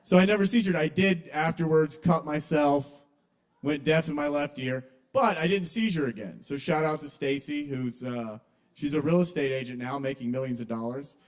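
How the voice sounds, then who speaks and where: Young man doing confessional stand-up. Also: a little high. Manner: confessional, with sudden loud outbursts in acted quotes. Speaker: stand-up comedian at an open mic. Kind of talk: casual stand-up comedy. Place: kava bar open mic.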